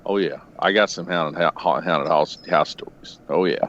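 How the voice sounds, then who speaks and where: A man's voice: deep voice, normal speed. A man telling rambling, profanity-laced stories on a casual podcast call, speaking from home. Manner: profane, rambling, animated retelling. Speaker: podcast storyteller. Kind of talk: casual storytelling. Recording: lo-fi with faint noise.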